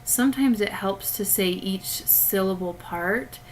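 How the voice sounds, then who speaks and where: A woman's voice: mid-range voice, unhurried, a little hiss or hum, poor audio. A woman teacher giving a recorded spelling lesson to children, patiently explaining each step through a webcam.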